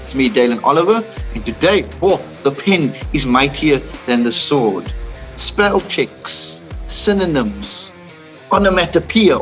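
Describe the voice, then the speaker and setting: A man's voice: fairly high pitch, fairly bright tone. A man with a South African accent hosting a casual chat show, playful and upbeat, hyping up his guests. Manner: upbeat, playful and hype-building. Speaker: podcast host.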